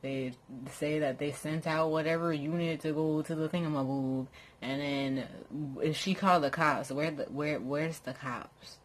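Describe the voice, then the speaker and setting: A woman's voice: steady tone, unhurried, poor audio. A woman ranting in a casual, exasperated and sarcastic way to her viewers from home. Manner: exasperated, sarcastic, mocks others in high put-on voices. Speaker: vlogger. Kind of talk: casual rant to camera. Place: at home, lying in bed.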